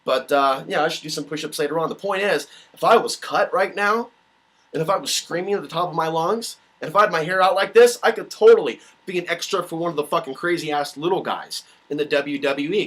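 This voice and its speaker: Male vlogger, slightly high voice, animated profane rant on a webcam mic. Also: a little fast. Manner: animated, swearing, mocking voices. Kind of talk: rambling solo vlog rant.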